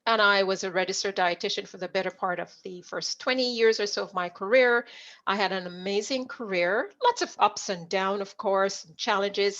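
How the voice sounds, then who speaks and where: Middle-aged woman from Jamaica, lively storyteller guest, mid-pitched, dull lo-fi call audio. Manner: animated storyteller, acts out remembered dialogue. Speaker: leadership coach, guest. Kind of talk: conversational storytelling interview.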